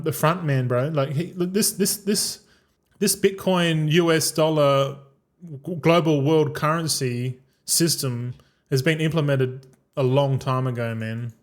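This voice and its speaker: A man's voice: fairly high pitch, slow pace. A man in his thirties with an Australian accent, rambling and swearing through casual livestream chat and calling his viewers bro. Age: 30s. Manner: rambling and profane, keeps saying bro. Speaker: gaming streamer.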